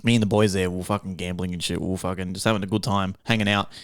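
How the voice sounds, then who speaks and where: A young Australian man hosting a podcast, animated and profane, reacting and telling his own stories in casual chat. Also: low voice, clean tone. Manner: animated, swears a lot, quick reactions. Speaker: podcast host.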